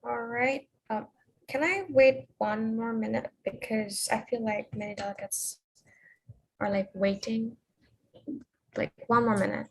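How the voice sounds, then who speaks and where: Female committee chair, slow and slightly unsure delivery, high-ish voice, video call. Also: fairly even intonation. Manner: hesitant, with many fillers. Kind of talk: online roll call.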